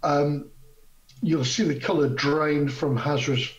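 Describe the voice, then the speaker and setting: A man playing a tabletop game, calmly describing what his character does. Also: fairly high pitch, slow pace, dull audio. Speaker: player.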